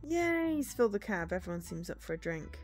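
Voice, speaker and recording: A woman's voice: mid-range voice, big pitch swings, fairly quick, a little mellow, soft background music. A woman streamer reading a story game aloud, with dry, sarcastic asides.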